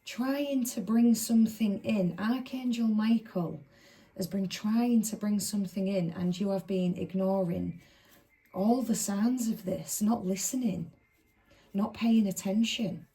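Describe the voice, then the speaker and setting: A woman's voice: medium pitch, unhurried, mellow, husky, low-quality recording. A woman giving a casual, chatty tarot reading to camera, talking informally and letting the odd swear word slip. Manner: chatty and informal, with a few stray swear words. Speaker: tarot reader.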